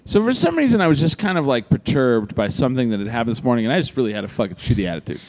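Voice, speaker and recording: A man's voice: mid-range voice, sing-song, very fast, a little mellow. A man telling a long story in casual chat, cursing freely and acting out both sides of a conversation. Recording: long echoey reverb.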